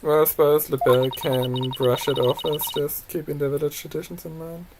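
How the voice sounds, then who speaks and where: A let's player giving casual commentary, reading game text aloud and adding quick chatty asides. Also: mid-range voice, level tone, noisy background. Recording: loud game music behind the voice.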